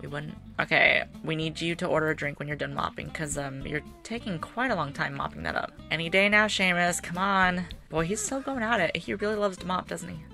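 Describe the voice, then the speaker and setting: A tired woman with a hoarse voice rambles through casual gameplay commentary, full of fillers and little laughs. Her voice sits low with a gravelly fry, yet has a bright, forceful edge. Faint music plays behind her. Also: a little fast, few pauses. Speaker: gaming video creator.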